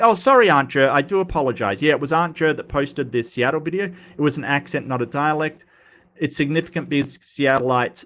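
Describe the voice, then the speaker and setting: A man's voice: medium pitch, a bit bright. A man hosting a live stream, reading viewer comments aloud and answering them off the cuff in a casual chat.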